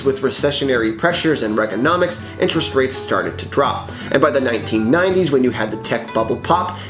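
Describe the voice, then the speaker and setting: A man working as a mortgage broker, talking in a confident, persuasive way in a scripted explainer video. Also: on the high side. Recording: roomy echo, faint background music.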